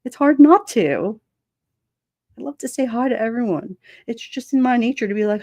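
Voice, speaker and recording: An animated woman, a mother, hosts a livestream where she chats, reads viewer comments, laughs plenty and mimics quoted voices. Her pitch sits on the high side, her pace is moderate and her tone darkish, with no echo.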